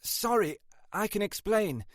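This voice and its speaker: A man's voice: sits high, animated, unhurried, no room sound, studio quality, pitched above the performer's own voice. A man voicing a flustered, apologetic young woman detective sergeant in an audiobook.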